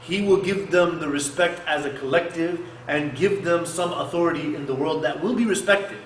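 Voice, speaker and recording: Animated high-voiced man giving a sermon. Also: moderate pace. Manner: animated, rhetorical questions, quotes Arabic scripture. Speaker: mosque speaker. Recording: echoey room with faint noise.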